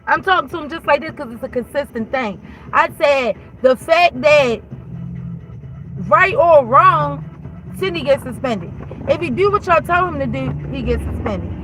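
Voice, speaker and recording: A woman's voice: sits high, expressive, normal speed, poor audio. A mother telling her viewers a story in a heated, blunt way, swearing freely as she retells a conversation. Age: adult. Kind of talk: casual storytime rant.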